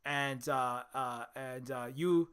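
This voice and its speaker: Man plays an aggrieved ex-guerrilla fighter, accusing, tone on the bright side. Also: medium pitch, slow, clean tone, voice pushed down. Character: bitter middle-aged male ex-guerrilla fighter.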